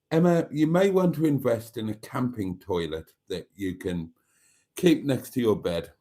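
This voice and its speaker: A man's voice: lowish voice, lively intonation, measured pace, dark tone. A man hosting a live stream, reading out viewer comments with wry, self-mocking asides. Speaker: channel host.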